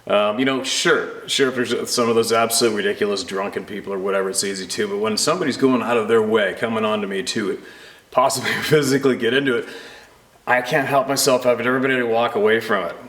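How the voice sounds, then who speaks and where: A man's voice: lowish voice, fast. Laughing man telling a story in a roomy space. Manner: animated, laughs often, voices the people in his story. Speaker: storyteller recounting a personal encounter. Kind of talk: casual spoken anecdote.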